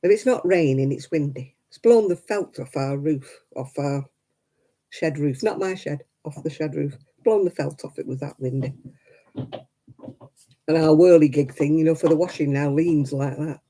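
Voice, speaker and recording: A woman's voice: low voice, normal speed, dark tone. An older woman chatting casually with viewers on a crafting livestream, rambling and laughing often. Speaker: livestream host. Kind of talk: casual live-chat crafting stream.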